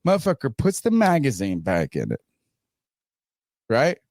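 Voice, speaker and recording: A man telling a wild story on a podcast, swearing freely and jumping into loud voices for himself and his friend. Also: medium pitch, unhurried, dry recording, clean studio sound. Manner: animated, swearing, acts out both sides in raised voice. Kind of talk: casual profane storytelling.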